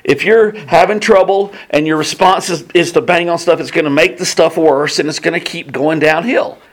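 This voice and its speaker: This Bible class teacher's voice is a little high, and his pace is moderate. In a casual style, he shares personal stories eagerly and earnestly, frequently restarting sentences.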